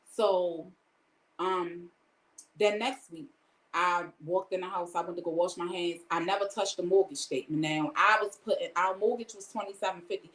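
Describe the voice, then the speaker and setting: A woman's voice: on the low side, fairly even intonation, moderate pace, a bit bright, echoey room, rough recording. A woman giving a candid personal testimony in a casual way. She retells each exchange by quoting it and often speaks of God. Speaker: storyteller sharing a personal testimony.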